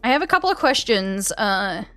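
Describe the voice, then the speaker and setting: A woman's voice: medium pitch, very animated, moderate pace, sharp tone, clean tone, faint music behind. An Australian woman streamer chatting casually with her live viewers, rambling with plenty of fillers and restarts. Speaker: game streamer.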